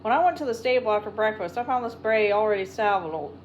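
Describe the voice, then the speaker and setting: A woman's voice: medium pitch, animated, quick pace, dull audio, a little hiss or hum, natural voice. A woman voicing a shifty, defensive cowboy who drawls in a folksy way.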